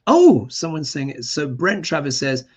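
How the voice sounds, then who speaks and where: Chatty astrologer hosting a live stream. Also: male voice, a little high, normal speed, slightly rough. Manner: chatty, animated, reads viewer comments aloud. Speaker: astrologer and live show host. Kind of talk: live-stream chat reading.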